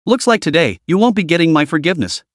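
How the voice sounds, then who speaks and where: A man's voice: on the high side, big pitch swings, quick pace, no echo, clean studio sound. A man voicing a cold, vengeful young man who speaks with scorn.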